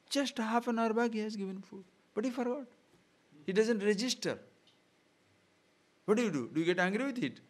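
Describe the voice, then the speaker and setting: A male spiritual teacher with a high voice expounds on scripture at normal speed, pausing often. His delivery is animated, full of rhetorical questions aimed at the audience.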